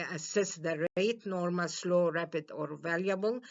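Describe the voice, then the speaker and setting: A woman's voice: fairly low pitch, slow, a little mellow. Woman listing clinical terms in a lecture. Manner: lists terms one by one, with fillers and restarts. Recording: dull lo-fi recording.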